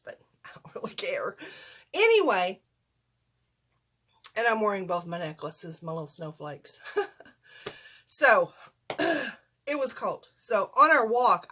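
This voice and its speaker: A woman's voice: fairly high pitch, pushed and bright. An older woman, rambling through a folksy, self-deprecating storytime vlog at home. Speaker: vlogger. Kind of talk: casual storytime.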